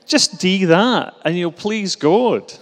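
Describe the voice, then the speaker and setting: A man's voice: sits high, animated, takes it slowly, pitched above the performer's own voice, full character voice. A man doing a homely Glaswegian Jesus. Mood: friendly. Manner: broad, homely storytelling. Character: Jesus as a plain-spoken Glasgow man. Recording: reverberant hall.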